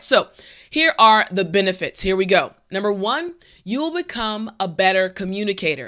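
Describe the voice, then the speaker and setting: A woman teaching an online English lesson, speaking with confidence and encouragement, often checking in with "okay?" and "right?". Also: medium pitch. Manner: confident, animated delivery.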